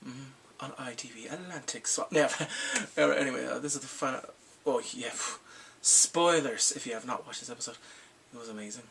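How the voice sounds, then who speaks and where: Lively guy reviewing an episode, bright voice, sits back from the mic, faint background hum. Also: medium pitch, fairly quick, vocal fry, far from the mic. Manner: excitable, swings from mumbles to shouts. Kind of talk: casual spoken review.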